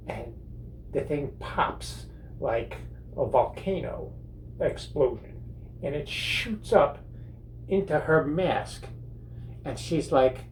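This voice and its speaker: An older man hosting a comedy monologue, telling a rambling, halting anecdote from a bathroom, full of restarts and chuckles. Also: mid-range voice, a little mellow, slight background noise, low-quality recording. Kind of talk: seated storytelling monologue. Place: bathroom, seated on a toilet.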